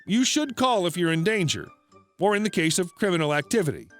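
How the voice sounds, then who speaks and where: A patient calm police officer, voiced by a narrator. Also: male voice, sits high, a little fast, faint music behind.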